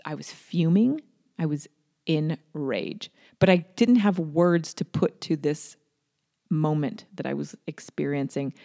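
A woman candidly telling a personal story, with restarts and lively acted-out quotes. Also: sits low, gravelly.

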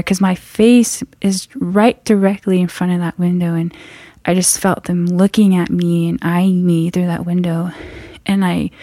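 A young woman from the Navajo Nation tells a frightening personal story. Her voice sits at a middle pitch and sounds close and dry. She often sinks into a near whisper at the tense moments. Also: dark tone, no echo. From Navajo Nation, US Southwest. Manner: halting restarts, builds suspense. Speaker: guest storyteller. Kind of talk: telling a true scary story.

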